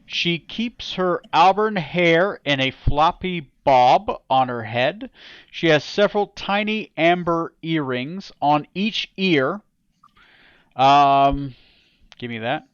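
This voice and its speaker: A man's voice: fairly high pitch, animated, smooth, dry recording, highs cut off. Casual man running a tabletop game. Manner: casual, halting narration with fillers. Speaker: game master.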